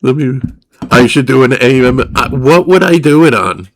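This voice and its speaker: A man's voice: mid-range voice, moderate pace. A man livestreaming in a crude, rambling, profane way, often laughing at himself. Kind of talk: crude casual stream chatter.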